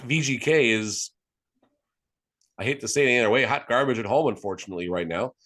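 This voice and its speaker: A Las Vegas man co-hosts a sports podcast, chatting casually in a rambling, joking way. His voice is medium-pitched and a bit bright, and he talks at a quick pace.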